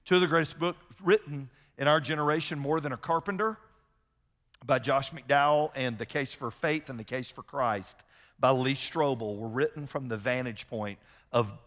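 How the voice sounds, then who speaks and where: A man's voice: medium pitch, normal speed, a bit bright. A middle-aged man preaching a sermon as a pastor, emphatic, repeating key phrases and telling personal stories. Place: large church sanctuary. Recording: long hall reverb from sanctuary.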